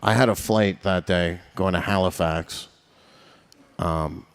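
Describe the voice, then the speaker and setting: A man's voice: low voice, steady tone, slow, creaky, smooth. A man doing a stand-up set, crude and rambling, full of filler words and laughing at his own jokes. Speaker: stand-up comedian.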